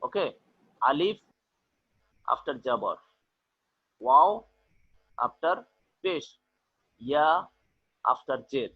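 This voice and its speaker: A man teaching an online class, explaining slowly and repeating "okay" often, with a Bangladeshi English accent. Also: mid-range voice, sing-song, slightly rough, no room sound. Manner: slow, repetitive explaining with many "okay"s. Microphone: video call. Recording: tinny online call audio.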